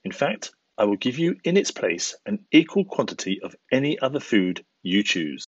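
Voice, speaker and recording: A man voicing a kind, noble king in a storybook tale, speaking quietly, firmly and gently. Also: fairly low pitch, big pitch swings, moderate pace, slightly rough, no echo, dull audio. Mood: calm. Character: calm, kind, noble old-time king.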